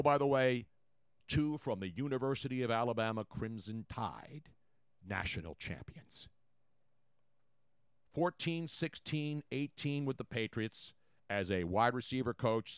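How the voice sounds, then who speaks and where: Animated, loud American sports radio host. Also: male voice, mid-range voice, measured pace, clear, resonant tone, no room sound, clean studio sound. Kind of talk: sports talk show banter.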